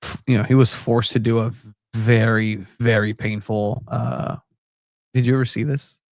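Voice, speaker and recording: A man's voice: mid-range voice, flat delivery, normal speed, creaky, a little mellow, dry recording. Joking podcast man, dry close sound. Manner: joking, loose, filler-heavy. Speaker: podcast co-host. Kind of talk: casual sports podcast chat.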